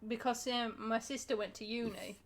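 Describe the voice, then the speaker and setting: A woman's voice: fairly high pitch, fairly even intonation, moderate pace. A woman from England chatting casually as a podcast co-host, talkative with many fillers. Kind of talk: casual chat.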